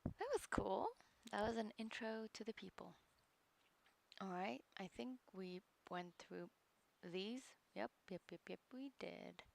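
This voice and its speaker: A woman hosting a livestream course, reacting with soft murmurs and excited exclamations between her own casual remarks. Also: medium pitch, measured pace, creaky. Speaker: livestream host.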